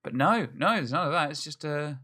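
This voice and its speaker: A man's voice: a little high, expressive, fairly quick, sharp tone. A man hosting a let's play, thinking aloud in chatty, self-mocking commentary as he plays. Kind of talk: casual gameplay commentary.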